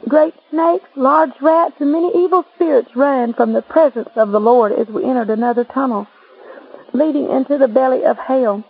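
Woman narrator, high gravelly voice, earnest religious testimony reading, dull lo-fi recording. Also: moderate pace, no room sound.

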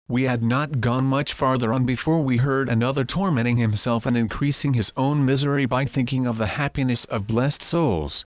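A man narrating an old religious allegory as an audiobook, in a steady, formal storytelling manner. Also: mid-range voice, no echo.

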